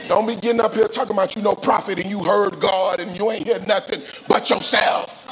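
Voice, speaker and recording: A male pastor preaching a sermon, calling on the congregation to repeat phrases and rising into shouts with a sing-song cadence. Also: high-pitched, steady tone, fairly quick, low-quality recording.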